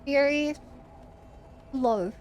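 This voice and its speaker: A woman's voice: sits high, very slow, darkish tone, highs cut off, slight background noise. A young woman streaming a game, chatting casually and answering her chat as she plays. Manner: chatty, reads and answers chat while playing.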